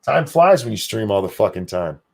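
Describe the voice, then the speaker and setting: Gravelly, low-leaning and brisk, the voice comes from an older man chatting casually on his streamed talk show. He swears a lot and is lively and self-deprecating.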